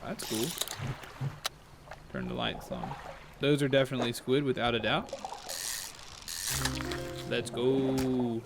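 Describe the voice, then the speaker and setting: Animated man narrating a game. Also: mid-range voice, slow pace, vocal fry, pauses often. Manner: animated, exclaiming, reads text aloud. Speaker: gaming channel host. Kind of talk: let's play commentary. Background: game music.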